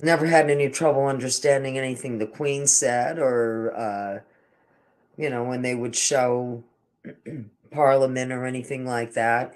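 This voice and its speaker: An older man telling a casual, meandering story to his camera, often restarting his sentences and stammering over repeated words. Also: mid-range voice. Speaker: vlogger.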